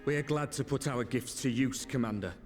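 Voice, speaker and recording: An actor with a Northern English accent playing an earnest, loyal young soldier in a game cutscene, his voice a little rough around the edges. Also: medium pitch, fairly quick, soft background music, close to an everyday voice. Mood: determined. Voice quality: slightly rough-edged voice.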